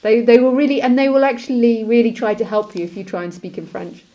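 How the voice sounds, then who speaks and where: Woman, teacher type, higher, mellow tone, calm repetitive delivery. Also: fast talker. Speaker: spiritual teacher. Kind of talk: live-streamed one-on-one session.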